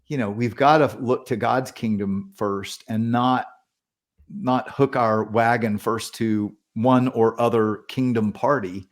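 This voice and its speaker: A man speaks as a guest on a podcast, a pastor and author retelling stories with conviction. His voice sits at a middle pitch, and he slips into quoted dialogue as he goes. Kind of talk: storytelling in a podcast interview.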